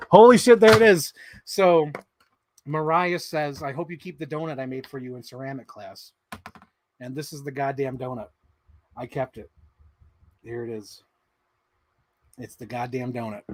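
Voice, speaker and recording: A man in his thirties hosting a livestream, reading his yearbook signings aloud, laughing, swearing and getting sidetracked, a bit out of breath. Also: mid-range voice. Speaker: livestream host.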